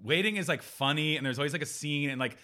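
Quick, bright-voiced guest from Philly. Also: male voice, fairly high pitch. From Philadelphia area. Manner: fast, eager, jumps in to finish others' points. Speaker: podcast guest and comedian. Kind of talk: casual chat.

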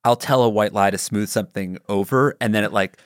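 A man's voice: lowish voice, brisk, smooth, no echo, studio quality. A man in his thirties, a comedian guest on a casual podcast chat, giving earnest advice and acting out quotes.

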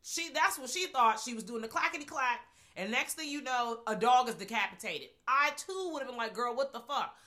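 Brief: woman co-host, lively pitch, bright tone, profane animated movie recap. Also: a little fast. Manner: profane, animated, acts out scenes. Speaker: podcast co-host. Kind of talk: casual movie recap chat.

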